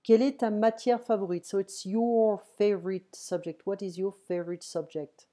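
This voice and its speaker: Speaking in a mid-range voice, a French-accented woman teaches a casual one-on-one French lesson online from home through her computer mic. She goes slowly, moving between French and English and often saying "ok" to check in.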